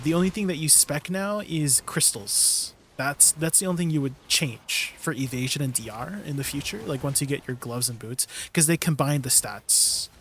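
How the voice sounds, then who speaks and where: A man's voice: medium pitch, a bit bright, a little hiss or hum. A man casually chatting on a game stream, explaining gear and greeting viewers from chat.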